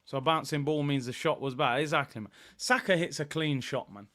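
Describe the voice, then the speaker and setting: A young man hosting a live football watchalong, chatting casually and getting loud and excited during attacks. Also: on the high side, fairly quick. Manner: excitable, shouts during attacks, chats with viewers. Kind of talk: casual live match commentary and chat.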